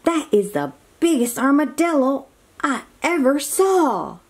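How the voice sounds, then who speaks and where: A woman's voice: sits high, big pitch swings, slow pace, husky, pitched above the performer's own voice, exaggerated voice. A woman voicing a cheerful male cowboy sheriff toy in a storybook, with bold cowboy calls. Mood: excited.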